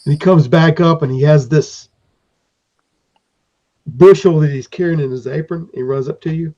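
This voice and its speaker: A man's voice: a little high, normal speed, long pauses, warm tone. A man improvising narration as game master for a tabletop game, rambling, with fillers and restarts. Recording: dull lo-fi recording.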